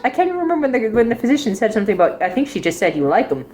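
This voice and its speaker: Young woman with a high voice, rambling drama reviewer, giggles through her thoughts. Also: very animated, rapid-fire, darkish tone, a little hiss or hum. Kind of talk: casual spoken review.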